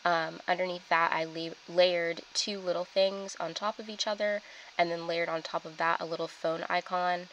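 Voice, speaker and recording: A woman's voice: lowish voice, steady tone, normal speed, a bit bright, slight background noise, low-quality recording. A young woman chatting casually through her weekly planner spread, with lots of ums and likes. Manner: chatty, filler-heavy, with many ums and likes. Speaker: planner vlogger. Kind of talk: casual plan-with-me narration.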